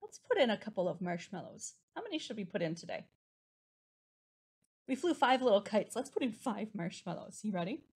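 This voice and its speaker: A young woman leading a preschool storytime, with a sing-song, encouraging, slow and exaggerated delivery for small children. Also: medium pitch, very animated, darkish tone, slightly rough. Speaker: children's librarian.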